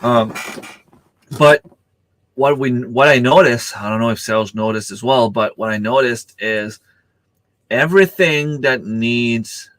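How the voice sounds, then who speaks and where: A man's voice: mid-range voice, a little slow, fairly bright tone, no room sound. Rambling man chatting live. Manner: rambling, many fillers and restarts. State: has the hiccups. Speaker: livestream host. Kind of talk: casual livestream chat.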